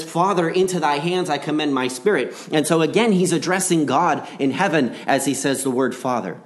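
A man preaching a gospel sermon in an earnest voice, repeating key phrases and swinging between rising and dropping delivery. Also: mid-range voice.

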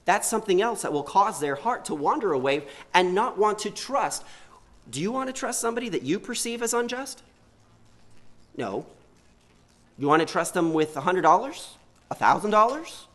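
A man's voice: high voice, sing-song, moderate pace, fairly bright tone. A man preaching a sermon in an earnest way, often asking his listeners rhetorical questions.

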